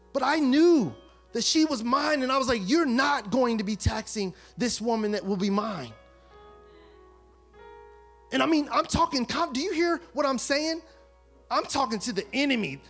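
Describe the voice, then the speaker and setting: Guy preaching his testimony, really high voice, gets fired up and loud, faint music behind. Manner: fervent storyteller acting out dialogue. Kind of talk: testimony sermon.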